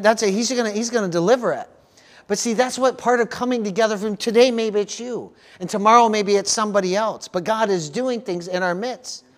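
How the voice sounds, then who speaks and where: Earnest preaching male pastor. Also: high voice. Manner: earnest preaching, frequent call-outs for "amen", repeats words. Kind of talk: sermon. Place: church service.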